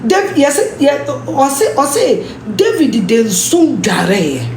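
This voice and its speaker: This Ghanaian woman's social media rant comes very slowly, in a high, sing-song voice with a darkish tone. She scolds and repeats herself emphatically in Ghanaian English laced with Twi, and the recording sounds roomy with slight hiss or hum.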